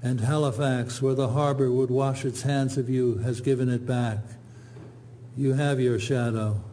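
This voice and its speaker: A man giving a poetry reading, reciting in a slow, measured, even way. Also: mid-range voice, slight background noise. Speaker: poet.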